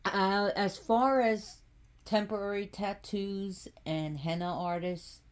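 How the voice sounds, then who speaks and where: A woman casually explaining oracle cards and ritual practice in a spiritual vlog, speaking in a halting way with frequent restarts. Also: mid-range voice, fairly even intonation.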